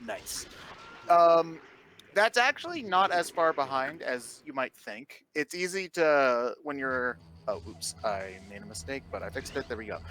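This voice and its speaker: Animated young man reading donations. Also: medium pitch, unhurried. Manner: laughs often while talking. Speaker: charity stream co-commentator. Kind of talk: casual commentary and reading donations.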